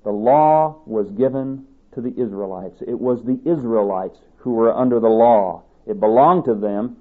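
On a tinny, phone-like sermon tape, a man with a medium-pitched voice preaches at normal speed. He reads scripture aloud and drives his points home through emphatic repetition.

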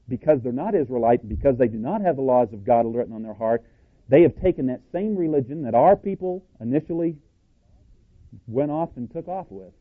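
A man preaching a sermon, speaking emphatically and slowing down to read out quotations. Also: mid-range voice. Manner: emphatic, slows down to read quotes. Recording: tinny phone-like audio.

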